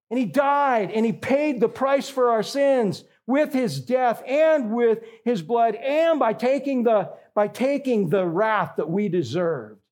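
A man's voice: high voice, a little mellow. A man preaching a sermon in an emphatic, conversational way with rhetorical questions. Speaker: pastor.

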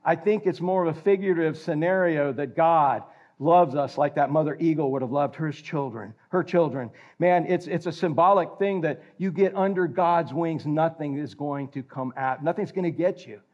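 An older man preaching a sermon, animated and jokey, quizzing the congregation. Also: a little high, moderate pace. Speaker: pastor. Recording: slightly dull lo-fi recording.

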